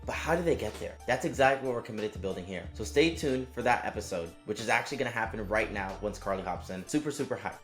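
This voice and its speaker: A young man hosting a podcast, talking in an excited, hyped-up way with lots of repetition. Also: reverberant. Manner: hyped, repetitive, upbeat pitch. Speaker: podcast host. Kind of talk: energetic show intro and casual interview.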